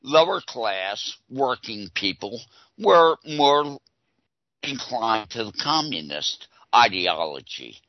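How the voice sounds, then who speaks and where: A man talking as a guest in a halting, hesitant way. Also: medium pitch, sing-song, no echo. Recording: dull lo-fi recording.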